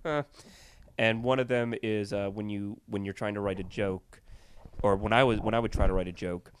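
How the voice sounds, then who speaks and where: A man's voice: lowish voice, fairly even intonation, normal speed, a little hiss or hum. A man co-hosting a casual comedy podcast, arguing playfully and explaining with analogies. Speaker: podcast co-host. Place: hotel room.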